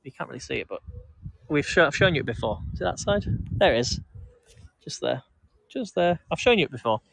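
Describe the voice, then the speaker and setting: Chatty bright-voiced man. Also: on the high side, expressive, brisk, creaky, no room sound. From England. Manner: chatty, rambling, frequent laughs and restarts. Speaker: vlog host. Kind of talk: casual live-stream chat while walking. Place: outdoors, town park.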